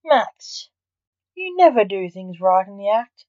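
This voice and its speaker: A weary, curt male magician who doubles as a coroner, voiced by a woman, delivering sharp, clipped lines in a storybook reading. His voice sits at a middle pitch and is recorded dry and slightly muffled. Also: big pitch swings, slow pace, no echo. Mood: snappish.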